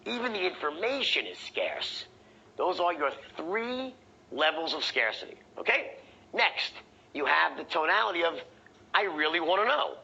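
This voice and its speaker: A man teaching a sales training session, animated and profane, acting out the tones of voice he teaches. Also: fairly high pitch, measured pace, gravelly, dull audio, a little hiss or hum.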